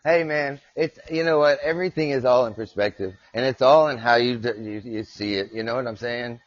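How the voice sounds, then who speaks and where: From his home desk, with his dog nearby, a man hosts a casual live podcast, rambling, joking and swearing casually. His mid-range voice moves a little fast, and the recording sounds muffled.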